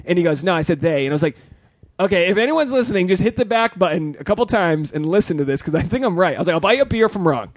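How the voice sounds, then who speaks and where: A man in his thirties co-hosting a podcast, telling stories in casual chat and swinging his pitch when he quotes people. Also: expressive, very fast, no echo, clean studio sound. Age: 30s. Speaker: podcast co-host. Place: podcast studio.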